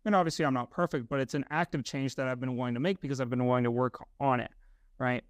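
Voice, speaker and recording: A man's voice: medium pitch, fairly even intonation, quick pace, clean tone, no room sound. A young man from Massachusetts co-hosts a casual podcast in a mid-range voice, thinking aloud and checking in with "right?" and "you know". The sound is close and dry, with no room around it. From Massachusetts, USA. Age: young adult. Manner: reflective, uses fillers like "right?" and "you know". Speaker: podcast co-host.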